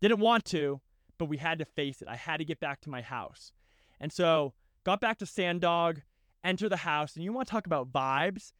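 A man's voice: fairly high pitch, normal speed, fairly bright tone, dry recording, clean studio sound. A young man hosting a podcast, telling a personal story in a casual, heartfelt way and often tagging on "right?" and "dude". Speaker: podcast host.

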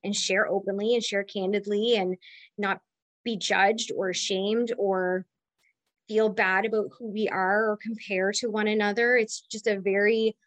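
A woman's voice: medium pitch, flat delivery, a little slow, no echo. A woman business owner and mom sharing an effusive, heartfelt testimonial in casual chat. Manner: effusive, chatty, emotional. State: close to tears. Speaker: mastermind member and business owner.

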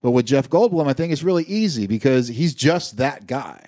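Animated and mellow, a mid-range male voice moves at a moderate pace in dry, studio-quality audio. The speaker, a podcast co-host, chats casually while telling a long rambling anecdote peppered with fillers and casual swearing.

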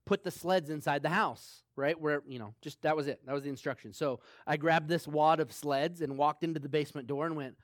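Man preaching, conversational and repetitive, fairly high voice, dry close sound. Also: steady tone, a little fast, hardly any pauses, dry recording. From small town. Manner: conversational, laughs often, repeats phrases for emphasis. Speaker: pastor. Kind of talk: sermon with personal story.

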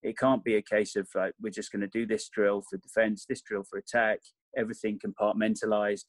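Man, rugby coach guest, low voice, level delivery, meandering, dry sound. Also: flat delivery, brisk, no echo. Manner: meandering, self-correcting. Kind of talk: casual interview chat.

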